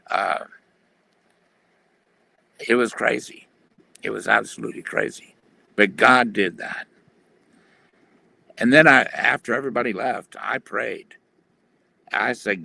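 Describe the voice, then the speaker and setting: Man, gravelly, bright edge, earnest testimony, plain-spoken, video call. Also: mid-range voice. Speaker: guest telling his testimony.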